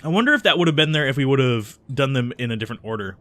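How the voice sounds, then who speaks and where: Hosting a let's play, a man muses casually over a role-playing game and reads its text aloud, saying um often. His medium-pitched voice is sharp and rapid-fire, with big swings in pitch.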